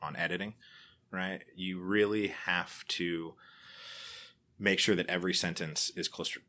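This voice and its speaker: A man talking in a relaxed interview, telling stories with lively acted-out reactions and frequent laughs. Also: low voice, unhurried. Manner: animated storyteller, acts out quoted reactions, laughs often. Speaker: podcaster guest. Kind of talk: casual interview chat.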